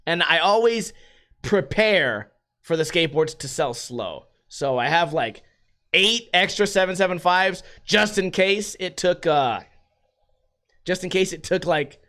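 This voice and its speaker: A man with a fairly high voice hosts a laid-back solo podcast from his home. He rambles from one thing to the next and swears freely. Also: expressive, a little slow, pushed and bright. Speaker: podcast host. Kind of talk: casual solo podcast chat.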